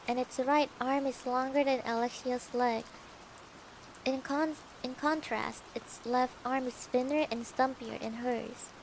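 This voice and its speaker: A woman's voice: high voice, a little hiss or hum, rough recording. A young woman reading a novel aloud for her stream, playful and adding her own comments between passages. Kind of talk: casual storybook reading with asides.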